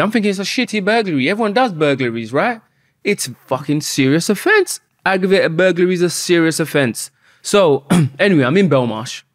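A husky-voiced man tells a story on a podcast, lively and full of swearing. The sound is dry and close, with no room around it. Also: mid-range voice, no echo. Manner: animated, swears often, acts out quotes. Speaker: podcast guest.

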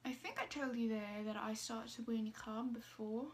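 Hesitant young woman, flat higher voice. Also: moderate pace. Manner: hesitant, many fillers and restarts, soft asides. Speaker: vlogger. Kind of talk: casual personal storytelling.

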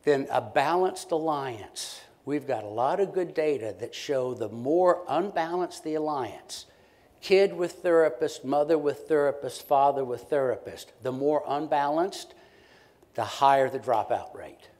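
Man giving a lively conference keynote. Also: medium pitch, unhurried. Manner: conversational, animated, acts out short quoted exchanges. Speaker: keynote speaker, professor. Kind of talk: conference lecture.

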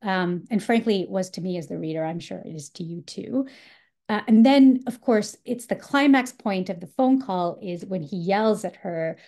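A woman teaching a workshop on writing dialogue, with a mellow, warm tone. She talks through examples thoughtfully and pauses on fillers as she builds each point. Her pitch sits in a middle range for a woman. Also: lively intonation. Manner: thoughtful, explanatory, with frequent fillers. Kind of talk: literature workshop lecture.

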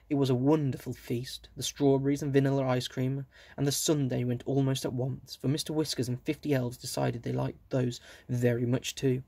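A man reading a children's book aloud, gently, with small asides to his listeners. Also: medium pitch, creaky, breathy edge, no echo. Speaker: reader.

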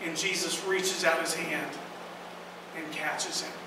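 A woman pastor preaching a sermon in a church, earnest and emphatic, with slow dramatic pauses. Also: sits low, steady tone. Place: church sanctuary. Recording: echoey hall from far off, noisy.

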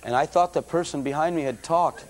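Middle-aged male preacher, slightly high voice, tells his testimony to the folks. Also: a little fast. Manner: storytelling, acts out voices in his story; addresses audience as folks. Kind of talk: testimony sermon.

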